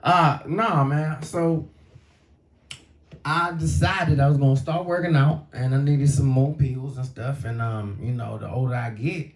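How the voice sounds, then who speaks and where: A man's voice: mid-range voice, steady tone, unhurried. A middle-aged male comedian telling a story in a casual, profane, conversational way. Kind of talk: stand-up storytelling.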